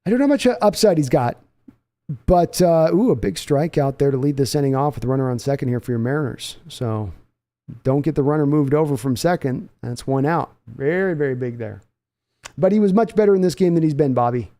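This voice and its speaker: Man hosting a live sports reaction stream. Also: a little high. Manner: animated, restarts, talks to chat. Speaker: sports channel host.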